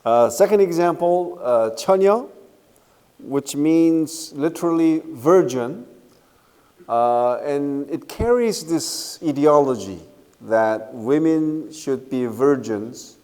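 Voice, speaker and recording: A middle-aged man with a Korean accent giving a university lecture, unhurried and often checking in with "okay?" and "right?". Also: medium pitch, expressive, mellow. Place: lecture hall. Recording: lecture hall with long reverb.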